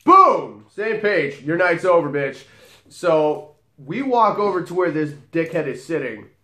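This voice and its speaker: A man's voice: a little high, very animated, unhurried, pushed and bright, reverberant. A man who works as a bar bouncer, telling a story in a profane, dramatic way and acting out the dialogue. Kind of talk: storytelling vlog.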